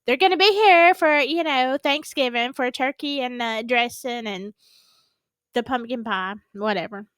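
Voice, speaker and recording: A woman hosts a casual reaction video in a loose, rambling manner full of fillers and restarts. Her voice sits a little high. The sound is dry and close, with no room around it. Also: dry recording. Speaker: host.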